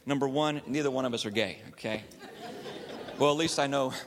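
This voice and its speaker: A man's voice: medium pitch, brisk, in a large hall, a crowd in the background, noisy background. A man, a counselor, telling stories to a live audience and acting out the people in them. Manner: animated, acts out the people in his stories. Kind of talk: storytelling talk to a live audience.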